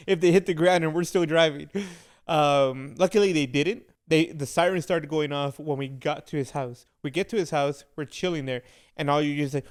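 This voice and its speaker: A man co-hosting a podcast, telling a story in casual chat with animated, laughing delivery. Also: on the high side, normal speed. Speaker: podcast co-host.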